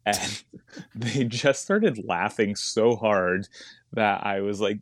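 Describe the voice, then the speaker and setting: A man's voice: lowish voice, animated, very slow, long pauses, no echo, studio quality. A man who does stand-up comedy, chatting casually on a podcast, rambling and laughing often as he digresses.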